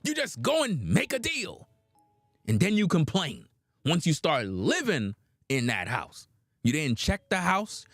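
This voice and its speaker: A man's voice: on the high side, a bit bright, no room sound. A man giving blunt, preachy reaction commentary on a livestream, lecturing his audience in casual slang.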